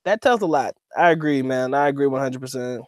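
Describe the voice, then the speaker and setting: A man's voice: mid-range voice, lively intonation, fairly quick, dry recording, clean studio sound. A man co-hosting a casual livestream, reading chat and talking in a slangy, profane, laughing way.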